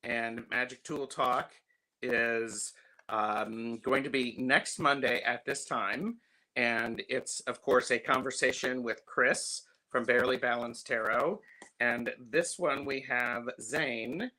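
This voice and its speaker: A man's voice: mid-range voice, steady tone, slow, bright, forceful tone. A man in his fifties hosting a casual livestream, chatting and greeting viewers by name. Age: 50s. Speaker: livestream host.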